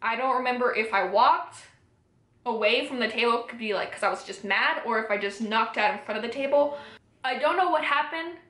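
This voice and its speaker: High-voiced young woman in an echoey room. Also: fairly quick, a bit bright. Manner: candid, emotional, swears freely. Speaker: vlogger. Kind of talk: personal storytelling to camera.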